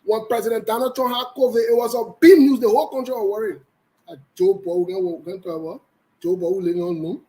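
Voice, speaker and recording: A man's voice: high-pitched, steady tone, fast, mellow, low-quality recording. A man with a Liberian English accent hosting a live online show, greeting viewers by name in a loose, joking way. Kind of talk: casual livestream chat.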